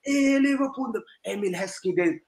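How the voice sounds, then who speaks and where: A man on a football podcast panel, bantering loudly and teasing rival fans, laughing often as he talks. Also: extremely high pitch, expressive, a little fast, echoey room, low-quality recording. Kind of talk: loud banter-filled casual chat.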